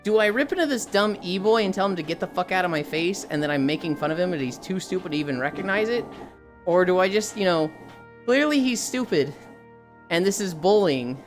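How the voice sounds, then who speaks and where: A young woman streamer chats casually with her viewers, her fairly low voice swinging up and down as she tells stories with animated energy. She drops into mocking impressions along the way. Faint music plays behind her. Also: fairly quick. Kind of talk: casual chat with chat readers.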